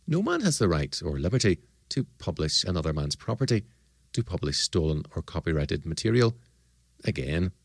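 A man giving a formal, measured lecture, pressing his points with rhetorical questions and emphatic rises. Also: low voice, no echo. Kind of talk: formal lecture on liberty and law.

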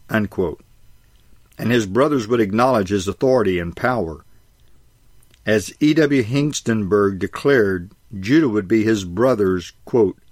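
A man with a lowish voice reads a sermon in a measured way. He slows down to stress key phrases and marks each quotation aloud. The sound is dry and close. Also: no echo. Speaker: preacher. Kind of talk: scripted sermon reading.

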